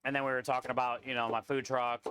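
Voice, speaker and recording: A man's voice: medium pitch, little pitch movement, fast talker, pushed and bright, a little hiss or hum. A man, a food truck cook, chatting casually with viewers on a live stream and joking around.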